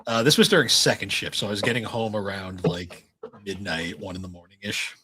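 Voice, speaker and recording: A man's voice: fairly low pitch, steady tone, a little fast, pushed and bright. A young man co-hosting a podcast in a laid-back way, swearing and laughing through his stories. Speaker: podcast co-host. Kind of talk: casual chat, storytelling.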